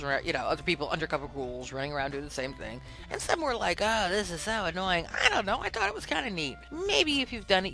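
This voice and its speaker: Lively, bright-voiced podcast host. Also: medium pitch, vocal fry. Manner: animated, exasperated retelling with acted-out quotes. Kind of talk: casual storytelling about a video game.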